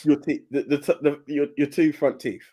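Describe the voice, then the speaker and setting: A man's voice: fairly high pitch, steady tone, moderate pace, warm tone. A drunk young man, a co-host rambling in casual chat, stumbling over his words and laughing often.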